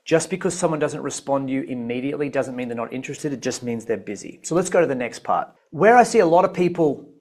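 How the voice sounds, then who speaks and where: An energetic man running a live online coaching class. His voice sits at a middle pitch. He talks in an encouraging coaching manner and often repeats his main points. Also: fast talker, few pauses. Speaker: business coach.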